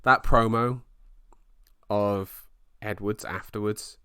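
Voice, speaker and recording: Excitable low-voiced man chatting fights. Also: slow pace, smooth, dry recording, clean studio sound. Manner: excitable, rambling, animated retelling. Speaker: podcast co-host. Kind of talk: casual sports chat.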